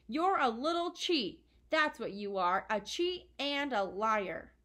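A woman doing a loud, smug crooked dad. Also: a little high, lively intonation, takes it slowly, full character voice. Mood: shouting. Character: boastful crooked middle-aged car-dealer father. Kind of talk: storybook read-aloud.

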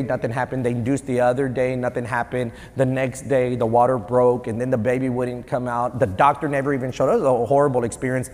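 A man in his thirties preaching a conversational sermon as a pastor, animated and joking between stories. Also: mid-range voice. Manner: conversational, animated, quick asides and jokes. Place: church sanctuary. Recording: long hall reverb.

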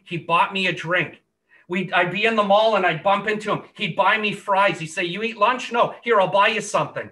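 Man, testimony preacher: high, bright, earnest storyteller. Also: expressive, moderate pace, recorded from a distance. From Canada. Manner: earnest storytelling, drops quieter and lower for quoted words. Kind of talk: gospel testimony.

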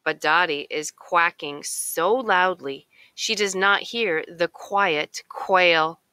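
A woman reading a children's picture book aloud in a slow, expressive storytelling way. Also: fairly low pitch, clean tone, no room sound. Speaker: narrator.

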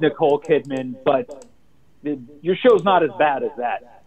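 A man's voice: on the high side, unhurried, a little mellow, poor audio. A man co-hosting a casual comedy chat show, ranting with profane exaggeration. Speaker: co-host.

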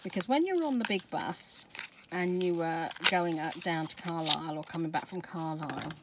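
A middle-aged Scottish woman chatting through an unboxing of craft supplies, gushing with excitement and dropping to soft whispers over favourite pieces. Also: on the low side, normal speed. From Scotland. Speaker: craft vlogger. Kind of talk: product unboxing chat. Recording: background noise with crinkling packaging.

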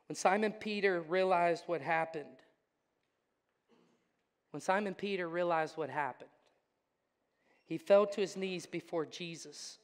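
Male pastor, sermon delivery, dynamic swings from hush to exclamation; church sanctuary with lingering reverb. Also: sits high, measured pace, pauses often. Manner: swings between hushed intensity and loud exclamation.

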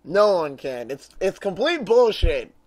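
A man's voice: high voice, very animated, a little slow, crowd noise. Swearing, frustrated man doing game commentary. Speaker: gaming channel host. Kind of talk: profane let's-play commentary. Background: game music.

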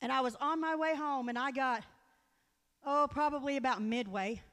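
Earnest high-voiced woman preaching in a hall. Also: moderate pace, a bit bright, clean tone. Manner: folksy, earnest, storytelling with direct appeals. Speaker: guest speaker at church. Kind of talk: sermon. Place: church sanctuary. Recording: long hall reverb.

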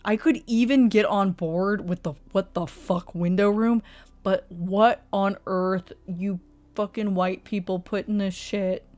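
A woman's voice: medium pitch, fairly even intonation, a little slow, darkish tone. A woman streamer giving live commentary on house listings, mock-outraged and exasperated. She swears, laughs often and fires off rhetorical questions. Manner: reacting aloud, asking rhetorical questions.

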